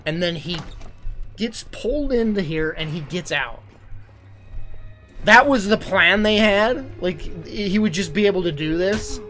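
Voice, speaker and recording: A young adult man giving excitable, joking live commentary as a game streamer. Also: high-pitched, a little slow, soft background music.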